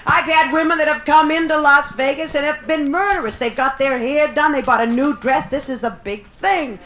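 A woman's voice: high-pitched, fairly even intonation, normal speed, fairly bright tone. A woman stand-up comedian doing a bawdy, brassy live routine, punchy and drawn out for the crowd. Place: nightclub stage. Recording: echoey live club recording with audience. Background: audience laughter.

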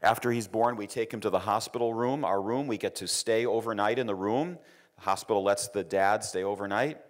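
A man's voice: on the low side, brisk. A middle-aged man giving an engineering lecture, telling a personal story with repeated words and acted quotes. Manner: anecdotal, repeats words, quotes others in raised voice.

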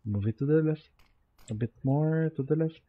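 This young man sounds half-asleep as he mutters through casual commentary on his game stream, his Filipino accent clear and Tagalog mixed in. His voice sits on the high side at a normal speed, and the audio is narrow and tinny.

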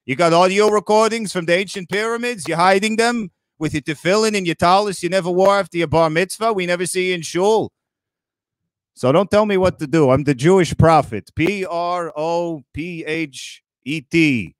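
A man playing Moses as a grumpy old Brooklyn man, hosting a comedy roast with sarcastic rapid-fire jokes. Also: high-pitched, no echo, close to an everyday voice. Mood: kvetching. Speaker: roast host.

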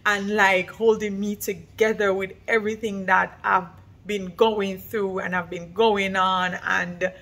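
A woman's voice: mid-range voice, little pitch movement, a little slow, a bit bright. A young woman vlogging about her daughter, gushing and heartfelt, repeating herself and laughing through tears. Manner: gushing and heartfelt, many repetitions. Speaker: vlogger, mother. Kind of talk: emotional casual vlog talk.

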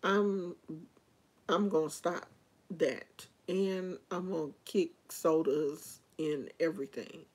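Woman vlogger, lower voice, unhurried and rambling; casual, opinionated chat to camera. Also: breathy edge.

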